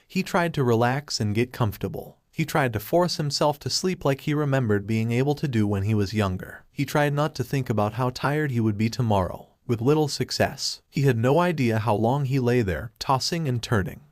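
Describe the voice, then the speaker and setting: A man reading scripted fan fiction aloud as narrator, in a steady, even manner. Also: mid-range voice, normal speed, few pauses, no echo, studio quality.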